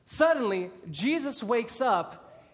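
A man preaching a sermon, retelling a Bible story with animated storytelling and dramatic re-enactments. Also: very high voice, takes it slowly, long reverb tail.

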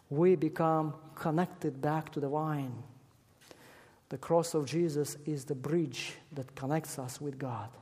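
A man preaching with emphatic force, his fairly high voice climbing to loud peaks on key words. He speaks in a church or large hall, and a long echo trails each phrase. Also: fairly even intonation, slow, husky. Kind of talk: sermon. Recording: echoey hall.

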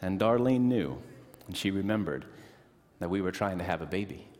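Pastor preaching in an echoing church. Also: male voice, low-pitched, normal speed. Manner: animated storytelling, shifting from excited to hushed. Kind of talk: sermon. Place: church sanctuary. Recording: long hall reverb.

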